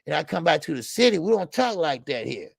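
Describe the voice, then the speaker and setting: A man hosting a casual boxing talk stream, animated and profane, rambling through stories, laughing and answering the chat. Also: fairly high pitch, brisk, vocal fry, no room sound, studio quality. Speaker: boxing talk show host. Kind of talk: casual live-stream commentary.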